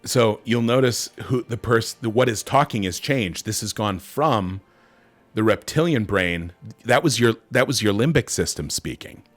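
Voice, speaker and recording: Animated man hosting a game stream. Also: lowish voice, unhurried, faint music behind. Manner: animated, swearing, bursts of laughter, reading aloud. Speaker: streamer host. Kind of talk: casual gameplay chat.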